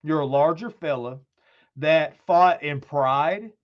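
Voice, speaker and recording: A man's voice: on the high side, takes it slowly, dull audio. A man hosting his channel, ranting bluntly and heatedly about sports, swearing and rambling. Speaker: channel host.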